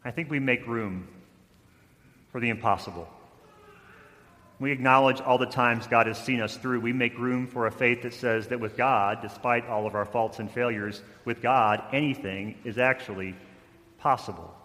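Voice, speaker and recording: A man preaching a sermon, telling a story with rising intensity, then softening toward a quiet close. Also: mid-range voice, fairly even intonation, normal speed, in a large hall. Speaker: pastor.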